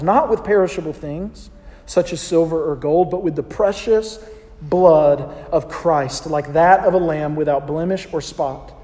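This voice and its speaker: Preaching in an echoey hall, this thirtysomething man from the American South speaks with a Southern US accent, a slightly high pitch, and a dark tone. He is a pastor whose sermon unfolds as conversational storytelling punctuated by call-outs to the congregation.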